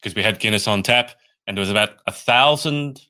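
A man's voice: fairly low pitch, a little fast, bright, forceful tone. A man hosting a podcast interview, asking curious, friendly questions in a casual way. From Australia. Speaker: podcast host.

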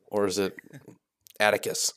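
A man's voice: lowish voice, monotone, normal speed, a bit bright. A man on a casual podcast, playful and teasing. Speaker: podcast co-host.

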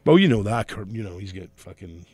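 A middle-aged man with a softened Scottish accent, swearing and laughing through casual podcast banter. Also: on the low side, lively intonation, a little fast, husky, no room sound. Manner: crude, swears a lot, laughs often. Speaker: podcast co-host. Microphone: studio podcast mic.

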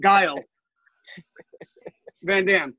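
Husky high-voiced man, casual chat. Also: drawn-out words, dull audio. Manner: excitable, swears often, laughs a lot. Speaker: podcast co-host.

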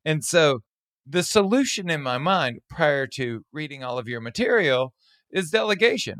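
Lively, higher-voiced male podcast host. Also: normal speed, no room sound. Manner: engaged, reflective, prompting the guest. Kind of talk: interview conversation.

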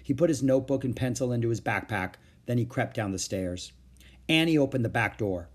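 A man reading a children's chapter book aloud, narrating gently and expressively. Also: medium pitch, animated, brisk, slightly rough. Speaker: audiobook reader. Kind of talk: storybook read-aloud narration.

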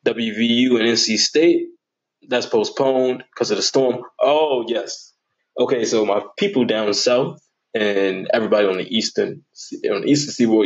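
A man's voice: fairly low pitch, normal speed, dull audio. A man hosting his own sports podcast, chatting casually and animatedly as he jokes through his predictions and picks.

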